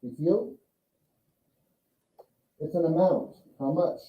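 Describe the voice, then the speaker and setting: A man's voice: on the high side, slow pace. A male teacher giving a classroom lecture, talking casually and asking his students questions. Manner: conversational, asks the class questions. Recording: echoey, distant, muffled classroom recording.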